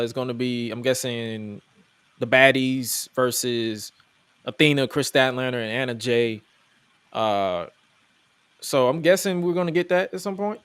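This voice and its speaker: Excited guy hosting a wrestling pod, jokey, voice jumping up and down, dry close mic. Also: mid-range voice, no room sound. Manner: animated, incredulous, joking. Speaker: podcast host. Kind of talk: casual wrestling recap.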